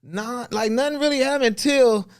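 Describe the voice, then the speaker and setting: A man telling a story as a guest comedian in a casual podcast chat, animated and full of slang. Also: very high voice, moderate pace, clear, resonant tone.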